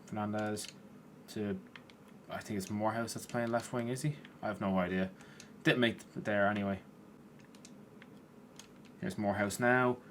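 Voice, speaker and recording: Male gaming YouTuber, casual play-by-play, tired and sweary, lower register, light background noise. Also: moderate pace, long pauses. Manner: chatty, swears at players, rises in excitement. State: tired, yawning. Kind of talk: casual gameplay commentary.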